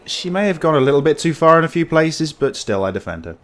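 A man's voice: a little high, sing-song, quick pace. A man giving casual, wry commentary while playing a game. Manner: wry, jokey asides. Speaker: let's-play gamer.

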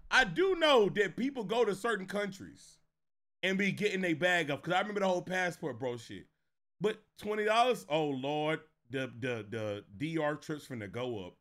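Animated high-voiced streamer man. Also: moderate pace. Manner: animated, swings from low mutters to loud laughing outbursts. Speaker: streamer reacting to clips. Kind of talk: casual reaction stream chat.

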